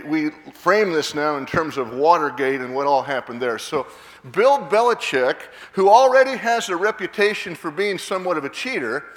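Emphatic older pastor preaching in a reverberant church. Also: male voice, fairly high pitch, a bit bright. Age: 60s. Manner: emphatic, repeats words and restarts, quizzes the congregation. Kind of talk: sermon. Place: church sanctuary.

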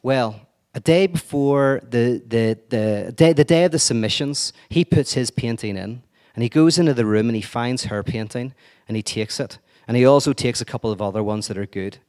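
A man's voice: mid-range voice, normal speed, darkish tone. Brief: male lecturer, mid-range voice, chatty and playful, slips into quoted voices. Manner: conversational, joking, acts out quoted speech. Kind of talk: informal lecture.

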